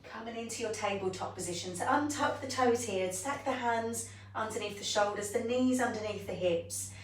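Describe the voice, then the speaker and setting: A woman teaching a bedtime yoga class, calmly cueing each breath and movement. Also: medium pitch, moderate pace. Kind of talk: guided yoga instruction. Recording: echoey room, voice from a distance.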